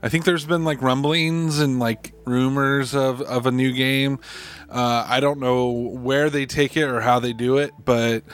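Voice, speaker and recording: A man co-hosting a gaming podcast, talking in a relaxed, halting way with many fillers. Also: medium pitch, clean tone. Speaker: podcast co-host. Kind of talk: casual podcast chat.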